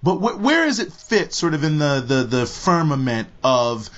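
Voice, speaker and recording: A man's voice: fairly high pitch, sing-song, normal speed, a crowd in the background. A man interviewing a guest on the radio, asking searching questions in a hesitant way. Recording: dull, lo-fi sound.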